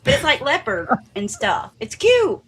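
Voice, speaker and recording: Guest spot: woman, high bright voice, lively and bubbly. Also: a little slow, slight background noise. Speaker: guest dropping in on the show. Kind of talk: casual chat.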